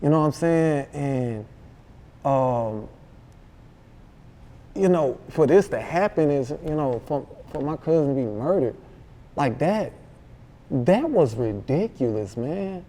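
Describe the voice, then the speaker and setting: A man with a Memphis accent, a rapper telling a story in a casual interview, animated and full of slang, acting out what others said. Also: medium pitch, takes it slowly, pauses often. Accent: Southern US, Memphis. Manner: animated, slangy, acts out quoted dialogue. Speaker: rapper guest.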